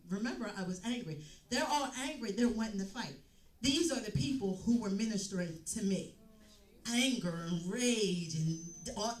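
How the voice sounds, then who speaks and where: A woman giving an emotional church testimony, telling her story with repeated phrases. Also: a little high. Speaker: testimony speaker. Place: church hall. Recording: echoey room, mic at a distance.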